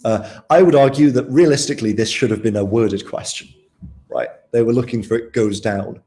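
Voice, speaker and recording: A man's voice: mid-range voice, a little fast, dark tone. Casual young man tutoring, roomy sound. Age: young adult. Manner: casual, chatty, asks students questions. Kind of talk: live online tutoring session.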